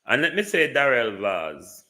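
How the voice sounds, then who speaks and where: A man's voice: medium pitch, very animated, measured pace, pushed and bright. A man with a Jamaican accent giving live political commentary, taunting and rhetorical, often asking "hmm?".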